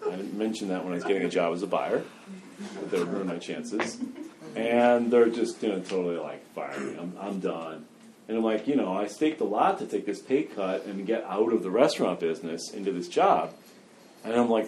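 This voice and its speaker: A man's voice: on the low side, expressive, fairly quick, a little mellow, a little hiss or hum. A man candidly telling a story from his own life in a loose, conversational way, with self-mocking humor and lots of filler words. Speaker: person sharing his recovery story.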